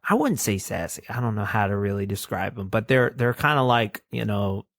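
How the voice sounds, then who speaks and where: A man's voice: lowish voice, lively intonation, normal speed, a bit bright, dry recording. A man co-hosting a podcast, chatting casually about cartoons, rambling and laughing at his own stories. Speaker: podcast co-host. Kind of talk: casual chat reviewing cartoons.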